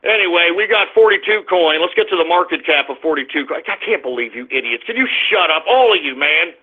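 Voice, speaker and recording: Man, talk radio host, high voice, brash and shouting, tinny phone-line sound. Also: lively intonation, fast talker. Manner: brash, shouting, profane, swinging loud to low. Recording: phone-like narrow band.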